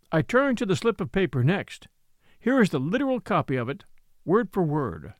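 Expressive male audiobook narrator. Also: sits high, normal speed, dry recording, clean studio sound. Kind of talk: scripted narration.

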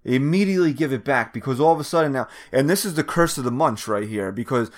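A man's voice: mid-range voice, lively intonation, fast talker. A man co-hosting a sports podcast in a rambling way that often trails off mid-thought. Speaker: podcast co-host. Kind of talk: casual sports chat.

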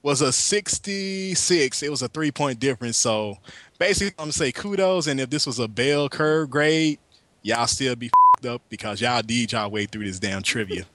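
Male podcast co-host, brash and profane, bright lively delivery, dry close sound. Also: mid-range voice, moderate pace, no echo. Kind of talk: casual podcast banter.

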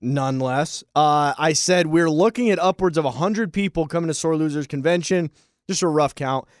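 A man co-hosting a podcast in loose sports banter, teasing his co-host and hopping from topic to topic. His voice sits fairly high and sounds close and dry on the mic. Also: moderate pace, no echo. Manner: teasing, jumps between topics.

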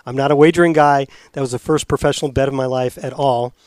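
An American man hosting a casual chat show, reading listener mail aloud in an animated, jokey way. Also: medium pitch, quick pace, smooth, no echo. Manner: animated, jokey, reads letters in a lifted voice. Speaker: podcast host.

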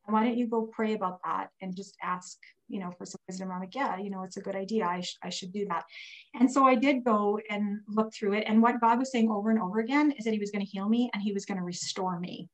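A woman's voice: mid-range voice, fast talker, poor audio. A woman recovering from pneumonia, telling a personal faith story in casual, earnest speech full of fillers. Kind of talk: casual testimony.

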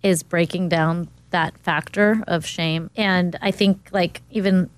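A woman's voice: fairly low pitch, fairly even intonation, slow pace, clean tone, no echo. A woman in casual conversation, speaking in an encouraging, supportive way. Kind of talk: casual chat.

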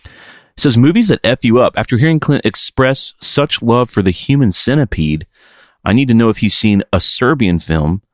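A man's voice: mid-range voice, animated, normal speed, dry recording, clean studio sound. A man hosting a podcast, chatting in a playful, rambling way and reading out listener emails. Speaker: podcast host. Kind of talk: casual podcast chat.

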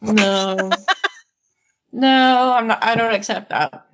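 A woman's voice: on the high side, drawn-out words, highs cut off. A woman co-hosting a podcast in casual chat, laughing often and reading from an article. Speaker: podcast co-host.

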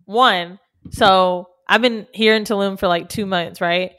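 A woman co-hosting a casual chat podcast, telling profane stories with animated impressions. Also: medium pitch, unhurried. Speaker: podcast co-host. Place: home recording during quarantine.

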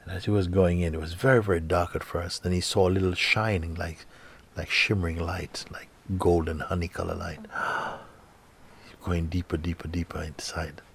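A man teaching through a dramatic story, repeating words and swinging between loud and hushed delivery. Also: low voice, fairly even intonation, brisk, gravelly, husky. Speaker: spiritual teacher.

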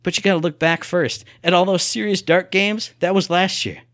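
A young man co-hosting a casual gaming podcast, talking in an animated, playful way. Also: sits high, normal speed, dry recording, clean studio sound. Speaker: podcast co-host.

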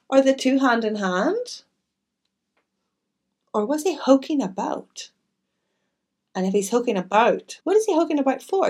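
A woman reading a classic novel aloud and adding chatty asides. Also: fairly high pitch. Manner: expressive, chatty. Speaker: audiobook narrator.

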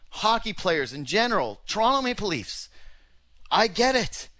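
Bright-voiced, ranting sports talk host. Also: male voice, high-pitched, big pitch swings, moderate pace, no room sound. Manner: ranting, exasperated, swears casually. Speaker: sports radio podcast host.

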